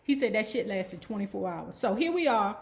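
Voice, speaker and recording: A woman's voice: medium pitch, sing-song, fairly quick, vocal fry. A woman hosting a casual book recap, telling the story in a chatty, profane way and tagging her lines with "okay?".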